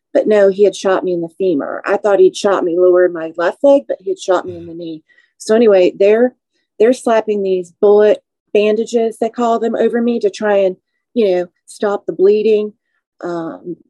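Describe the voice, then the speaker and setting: Woman, 40s, podcast guest, personal testimony, slow emotional telling, warm voice, dry sound. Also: mid-range voice, no room sound, rough recording. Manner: measured, slow, emotional recounting.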